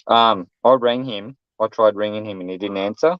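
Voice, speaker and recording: A man's voice: fairly low pitch, fairly even intonation, brisk, few pauses, no room sound. Blunt Australian man, dull dry sound. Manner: blunt, swearing, acts out quotes loudly. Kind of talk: casual chat, storytelling.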